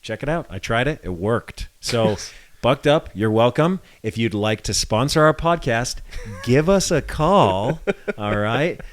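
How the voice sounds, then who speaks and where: A man's voice: mid-range voice, animated, a little slow. A man co-hosting a casual podcast, playful and jokey, often laughing between sentences. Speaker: podcast co-host.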